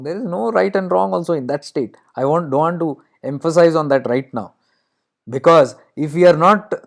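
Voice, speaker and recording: A man giving an earnest spiritual talk and telling a story. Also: on the high side. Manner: earnest, explanatory. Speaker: spiritual teacher.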